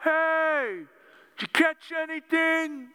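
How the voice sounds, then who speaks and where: A man's voice: very high voice, expressive, slow pace, bright, forceful tone, big-room sound, voice pushed up, full character voice. A man putting on a cheerful, pushy stranger calling out from the shore. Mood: teasing.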